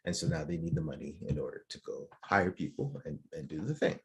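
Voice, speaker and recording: A man with a very deep, husky voice talks on a casual podcast roundtable. He stays optimistic and keeps hedging with "like" and "right?". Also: a little fast. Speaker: podcast co-host.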